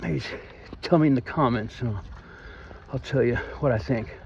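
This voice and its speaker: A man's voice: medium pitch, moderate pace, creaky, a little mellow, a little hiss or hum. A man with a Missouri twang venting in a rambling, aggrieved vlog monologue. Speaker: vlogger.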